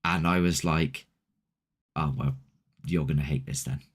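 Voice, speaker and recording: Man, low deep voice, loose rambling chat host. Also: fairly even intonation, measured pace, breathy edge. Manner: rambling, laid-back, with mild swearing. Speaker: paranormal investigator and show host. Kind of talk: casual chat.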